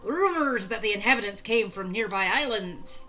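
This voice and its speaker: A boisterous old pirate captain spins his yarn with a loud, swaggering delivery, as a woman puts him on. The tone is bright and sharp, and faint game music plays underneath. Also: medium pitch, animated, moderate pace, rough recording. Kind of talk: game dialogue read aloud in character.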